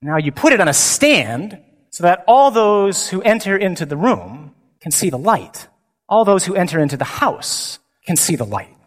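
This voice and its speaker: A priest preaches to a large gathering of men, his voice sitting a little high and carried by a long hall reverb. He moves between humorous asides and emphatic, punchy statements. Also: very animated, normal speed. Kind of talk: conference talk.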